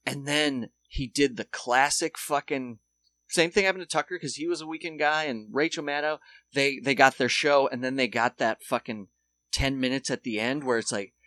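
A man's voice: mid-range voice, moderate pace, bright, forceful tone, dry recording. A man co-hosting a comedy podcast, riffing casually and swearing a lot as he rambles. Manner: profane, rambling riffs. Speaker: podcast co-host.

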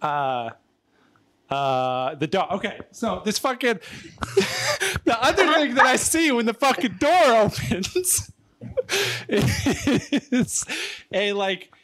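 Man, out of breath, lively up-and-down pitch, halting storyteller, laughs through it. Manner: rambling, laughing, halting fillers. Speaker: storyteller guest. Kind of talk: casual chat.

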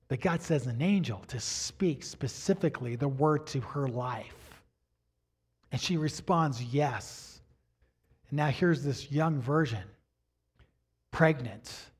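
A man's voice: fairly high pitch, a little slow, husky. A middle-aged man preaching a sermon as a pastor, telling stories in a chatty way and acting out the dialogue. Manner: animated storyteller acting out dialogue; chatty, asks "right?" and "you know". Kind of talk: storytelling sermon.

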